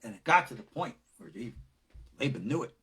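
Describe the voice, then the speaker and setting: A middle-aged male rabbi delivers a recorded lecture, moving between forceful stressed words and near-whispered asides. His voice is husky and a little breathy, and his pitch rises and falls widely from phrase to phrase. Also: animated, brisk. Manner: dramatic, swings from loud emphasis to hushed whispers. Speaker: rabbi teaching Kabbalah.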